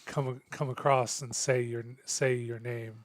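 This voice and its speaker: A man running a tabletop game as game master, narrating in a halting way full of fillers and restarts. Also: medium pitch, little pitch movement, no room sound.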